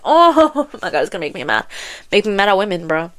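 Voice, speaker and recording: A woman's voice: medium pitch, sing-song, fast. A young woman hosting a solo podcast, venting in a heated, profane, repetitive way and breaking into laughs. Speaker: podcast host.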